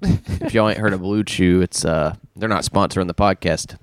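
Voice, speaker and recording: A man's voice: low-pitched, moderate pace, clean tone, no room sound. A man, a comedian co-hosting a podcast, chatting casually with frequent swearing and jokes. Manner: profane, jokey, lively. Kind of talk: casual chat.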